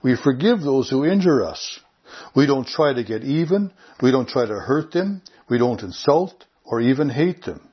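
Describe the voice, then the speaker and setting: A man's voice: mid-range voice, lively intonation, moderate pace, slightly rough, dull audio. A man preaching a sermon in an earnest, conversational way, lifting his voice on key phrases. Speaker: pastor.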